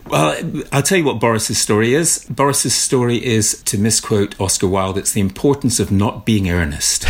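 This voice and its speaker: British male author-guest, low voice, dry wit, political commentary. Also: normal speed, few pauses. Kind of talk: casual interview chat.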